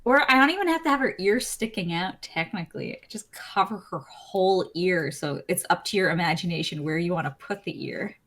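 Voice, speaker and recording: A woman's voice: lowish voice, animated, fairly quick, hardly any pauses, a bit bright. A woman guest artist chatting casually and laughing while she draws. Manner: laid-back, giggly. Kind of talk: casual chat while drawing.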